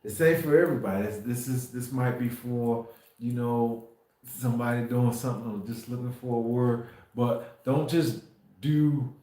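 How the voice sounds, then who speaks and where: A man preaching informally on a livestream, rambling and restarting, swinging from quiet asides to emphatic declarations. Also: mid-range voice, very echoey. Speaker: faith livestream host.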